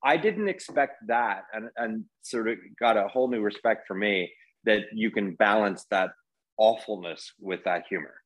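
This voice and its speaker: A man's voice: fairly low pitch, moderate pace, a bit bright, rough recording. A man as a podcast guest, telling rambling anecdotes with many fillers in casual conversation.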